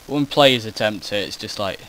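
A man's voice: on the low side, normal speed, fairly bright tone, a little hiss or hum, low-quality recording. A man giving loose, rambling commentary over his own gameplay footage, often losing his train of thought and swearing casually. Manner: meandering, self-interrupting, casual swearing. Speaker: gaming commentator. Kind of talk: rambling post-recorded game commentary.

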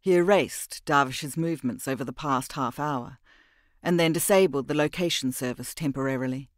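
A male audiobook narrator with a mid-range voice, telling the story at an even, measured clip. He is recorded close and dead dry, with no room sound at all. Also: mid-range voice, no room sound. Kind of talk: scripted narration.

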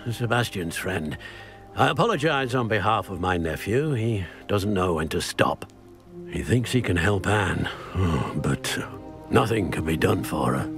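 A weary older uncle in a video game, stern and lecturing. His pitch swings widely as he scolds, with game music playing behind him. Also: animated, unhurried.

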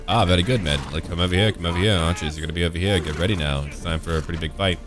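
Deep-voiced man with playful game commentary. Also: very fast, few pauses, fairly bright tone, faint music behind. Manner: playful, jumps to high silly exclamations and laughs; mock-pompous old-fashioned phrasing. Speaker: gameplay commentator. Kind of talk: let's-play commentary.

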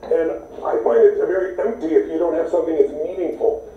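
A man's voice: a little high, a little fast, slight background noise. A man from the United States, an interview guest telling stories in an enthusiastic, emphatic way. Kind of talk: animated storytelling. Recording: tinny, echoey, distant sound.

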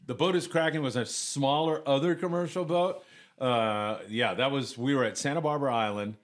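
Older man telling lively fishing stories. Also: medium pitch, normal speed. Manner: animated storyteller, acts out others' lines in raised voices. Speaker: podcast guest, retired commercial fisherman. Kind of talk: casual storytelling chat.

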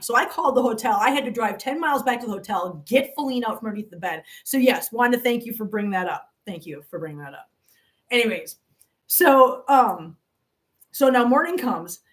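A woman hosting a cat channel live stream, telling a long story to viewers in a chatty, animated way and laughing often. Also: fairly high pitch, recorded from a distance.

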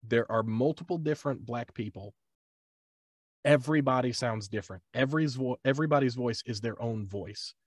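Calm man on a dry video-call mic. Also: medium pitch, dry recording. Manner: calm, measured, explanatory. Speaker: co-host of a panel discussion. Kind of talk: casual panel talk on a video call.

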